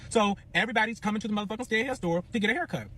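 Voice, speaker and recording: Fast-talking, profane storytelling man. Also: high-pitched, a little hiss or hum. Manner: animated, profane, swings to yelling and back. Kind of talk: casual storytelling.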